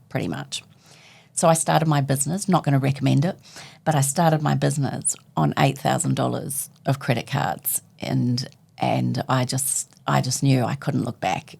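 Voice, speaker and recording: Gravelly low-voiced woman storyteller. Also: darkish tone. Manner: vivid storyteller acting out quoted dialogue. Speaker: guest author. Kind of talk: personal storytelling in conversation.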